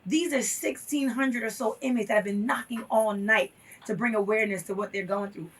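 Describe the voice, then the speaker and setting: A woman's voice: on the high side, fairly quick, recorded from a distance, slight background noise. A woman guest in a casual interview, talking emphatically and telling stories with acted-out quotes.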